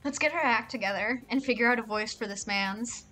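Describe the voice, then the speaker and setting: A woman streaming a game live, chatting in an excitable, rambling way and swearing a lot. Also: a little high, brisk, soft background music.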